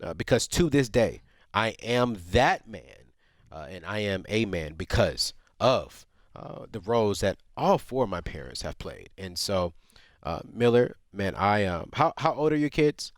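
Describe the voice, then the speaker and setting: Co-host, male, low-pitched, heartfelt and fervent, close dry mic. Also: sing-song, unhurried, dry recording. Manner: passionate, heartfelt, many restarts. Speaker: radio show co-host. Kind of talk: emotional advice to a caller.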